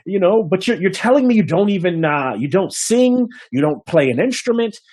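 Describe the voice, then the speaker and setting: Man voicing a gruff tavern keeper, middle-aged, haggling, slightly raised voice. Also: high-pitched, lively intonation, normal speed, darkish tone, voice pushed up. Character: grizzled middle-aged male tavern owner, practical and wary of costs.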